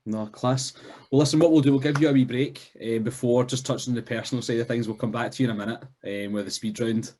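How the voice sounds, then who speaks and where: A man's voice: medium pitch, fairly even intonation, fast talker, few pauses, darkish tone, a little hiss or hum. A Scottish man hosting a podcast, talking in easy casual interview chat. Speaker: podcast host.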